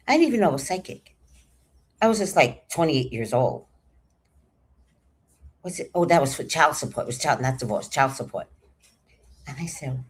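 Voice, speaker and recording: A woman telling a personal story in a casual, animated way, acting out what people said. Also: sits low, normal speed, pauses often, husky. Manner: animated, acts out quoted voices.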